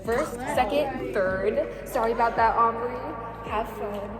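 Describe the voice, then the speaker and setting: A woman's voice: a little high, a little slow, loud music behind the voice. A teenage girl joking around with friends, playful and teasing. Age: teens. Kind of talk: casual chat. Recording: loud crowd behind.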